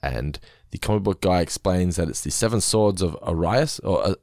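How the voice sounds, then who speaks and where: A man co-hosting a casual review podcast, his voice on the low side. He recaps scenes in a relaxed way and mimics quoted lines, recorded on a close mic in a dry room. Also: moderate pace, no room sound. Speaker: podcast co-host. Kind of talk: casual episode review chat.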